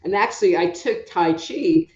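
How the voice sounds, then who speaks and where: A woman's voice: on the low side, normal speed, darkish tone, roomy sound, lo-fi sound. A woman hosting a live online show as a psychic reader, chatting casually and rambling through stories while calling out audience members by name. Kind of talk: casual live-stream chat.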